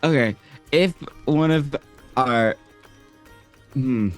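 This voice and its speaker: A man's voice: medium pitch, drawn-out words, soft background music. A man voicing a nervous, awkward young healer who stammers and hesitates, in a tabletop game. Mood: hesitant.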